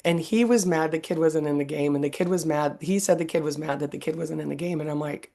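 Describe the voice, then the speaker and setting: A woman in her fifties hosts a podcast in a loose, chatty way. Her voice sits a little low for a woman. She tells stories with lots of animation and laughs often. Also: fast talker, vocal fry, dark tone. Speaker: podcast host. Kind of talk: casual interview chat.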